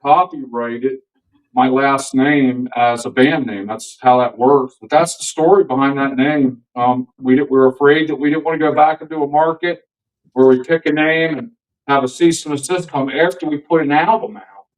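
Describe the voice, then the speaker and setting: Relaxed male band member, off-mic. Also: mid-range voice, moderate pace, recorded from a distance, rough recording. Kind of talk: casual interview.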